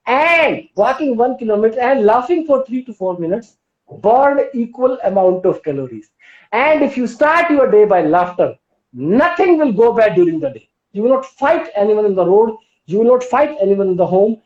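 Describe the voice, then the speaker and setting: A woman leads a live-streamed yoga and wellness talk in an Indian English accent, urging her viewers along with lots of questions. She pitches on the high side with big swings, a normal speed and a slightly mellow quality. The sound, via phone or laptop mic, is roomy, dull and lo-fi.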